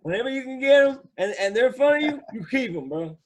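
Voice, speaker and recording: A man hosting a casual call, talking in loose, excitable slang with lots of repeats. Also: extremely high pitch, quick pace, a little hiss or hum. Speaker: host. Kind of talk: casual chat.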